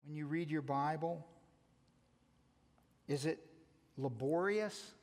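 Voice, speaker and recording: A pastor delivers a sermon slowly in a fairly high voice, firing many questions at his listeners and swinging between raised emphasis and soft asides. The long reverb of a large hall surrounds him.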